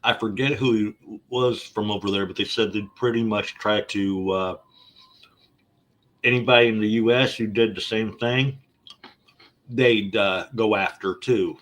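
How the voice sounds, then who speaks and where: Lower-voiced man chatting casually. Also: steady tone, a little slow, fairly bright tone. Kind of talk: casual chat.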